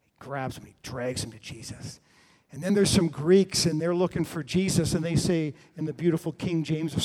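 A middle-aged man delivers a sermon in a voice a little higher than most men's. He tells the story with animation, rising and falling between loud and hushed moments. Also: moderate pace, few pauses. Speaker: preacher.

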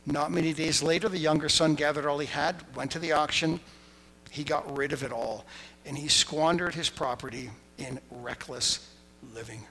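Male pastor, fairly high voice, animated sermon storyteller, echoing hall with faint noise. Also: moderate pace.

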